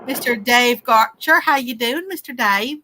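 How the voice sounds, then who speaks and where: Bright, high-voiced cheerful woman greeting viewers. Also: measured pace, slight background noise. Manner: cheerful, greets viewers by name, laughs easily. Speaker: co-host reading live chat. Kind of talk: casual livestream chat. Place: outdoors on a boat on a bay.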